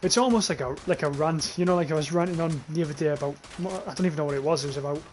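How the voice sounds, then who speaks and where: Speaking rapid-fire in a slightly high voice, this young guy streams a shooter and keeps up casual commentary. He reads his chat out loud, laughs at it, rambles, and curses, with a bit of background noise behind him.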